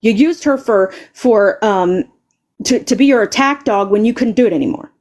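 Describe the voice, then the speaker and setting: A woman's voice: medium pitch, moderate pace, darkish tone. A woman live streamer delivering an angry, confrontational rant, stammering and repeating words and swearing heavily.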